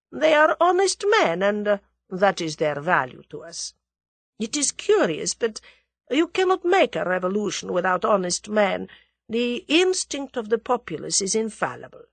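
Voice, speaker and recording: A woman reading aloud, voicing a soft, slow, sinister Russian man with a Russian accent. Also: medium pitch, very animated, no echo, pitched above the performer's own voice.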